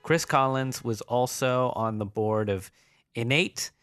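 A man's voice: mid-range voice, slow, fairly bright tone, smooth, no echo. Man, comedy podcast co-host, reads the news aloud, rambling, piles on over-the-top analogies. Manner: rambling, builds exaggerated analogies. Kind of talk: casual comedic chat, reading from a news article.

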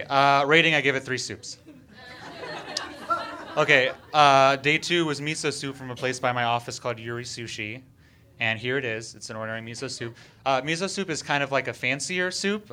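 A man performing a stand-up bit in a mock-serious, deadpan presentation style, with frequent hesitant fillers, on a stage microphone. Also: mid-range voice, a little hiss or hum. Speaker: comedian.

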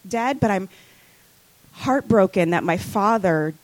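A woman's voice: medium pitch, lively intonation, slow pace, no echo, poor audio. A woman telling a personal story on a comedy podcast, hesitant and full of ums and likes. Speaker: guest. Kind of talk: casual storytelling.

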